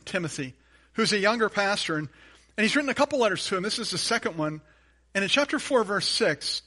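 A man preaches a sermon in a bright, forceful voice that sits a little high. He is an earnest pastor telling a personal story. He circles back on phrases for emphasis and falls to a hushed tone on the points that matter most.

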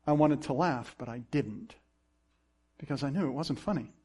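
A man's voice: mid-range voice, moderate pace, husky. A pastor preaching a sermon, acting out the people he quotes and laughing now and then. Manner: animated preaching with acted-out quotes and chuckles.

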